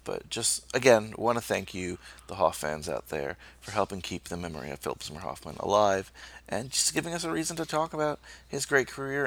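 A man's voice: mid-range voice, gravelly, fairly bright tone. A man co-hosting a podcast, wrapping up the episode in a loose, friendly chat. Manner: loose, friendly sign-off with fillers. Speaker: podcast co-host. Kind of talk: casual podcast outro chat.

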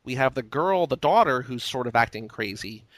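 A man's voice: medium pitch, expressive, normal speed, fairly bright tone. A man in casual film talk who circles his point with lots of "like" and restarts. The room is dry, with no echo. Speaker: podcast co-host.

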